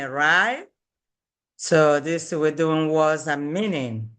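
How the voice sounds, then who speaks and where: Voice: medium pitch, expressive, extremely slow, a bit bright, clear, resonant tone. An Igbo language teacher giving a lesson, patiently repeating each phrase and checking in with "okay?".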